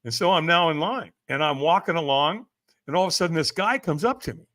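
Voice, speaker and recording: A man's voice: on the high side, expressive, fast, a bit bright. A middle-aged man telling a personal story as a podcast guest, acting out the other voices with big swings. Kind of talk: animated storytelling.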